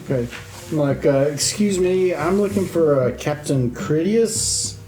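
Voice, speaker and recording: A man's voice: fairly high pitch, animated, a little slow, mellow, echoey room, distant mic, soft background music, rough recording. A man playing his character in a tabletop game, hesitant and politely old-fashioned. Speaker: player. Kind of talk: in-character tabletop role-play.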